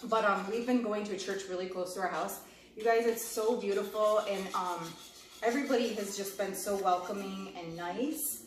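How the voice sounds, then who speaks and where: A woman's voice: medium pitch, moderate pace. A woman chatting casually to viewers while she cooks at home, tasting food and walking through a recipe. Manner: talkative, talks while cooking and tasting food. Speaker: home cooking vlogger. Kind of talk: chatty cooking demo. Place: home kitchen. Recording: echoey kitchen, mic a bit far off, clear background noise.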